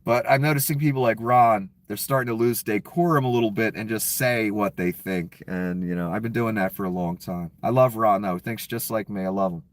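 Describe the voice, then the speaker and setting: A man's voice: on the low side, fairly quick, hardly any pauses, dry recording. Profane, scornful male political ranter. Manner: profane, scornful, sarcastic, reads headlines aloud. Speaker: political commentator. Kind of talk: angry political rant.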